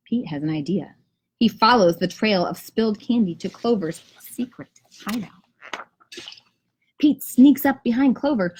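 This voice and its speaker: A kindergarten teacher reading a picture book aloud to children on a live stream from home, with lively storytelling. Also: female voice, medium pitch, measured pace, husky. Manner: lively storytelling, rhymes read with bounce. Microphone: camera or phone on a live stream.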